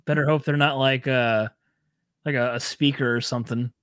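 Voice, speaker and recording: This podcast co-host is a man whose medium-pitched voice is clear, resonant and fairly bright, with fairly even intonation and a moderate pace. He chats casually, rambles, and often swears and laughs. There's no room sound, just a clean studio recording.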